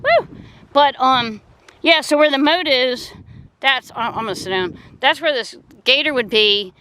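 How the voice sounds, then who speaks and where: A woman's voice: high-pitched, normal speed, bright, forceful tone, a little hiss or hum, low-quality recording. A woman vlogging outdoors by a pond, talking casually into a handheld camera as she walks, chatty and rambling, correcting herself as she goes. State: out of breath. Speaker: nature vlogger. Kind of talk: casual walking narration. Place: outdoors at a wildlife refuge pond.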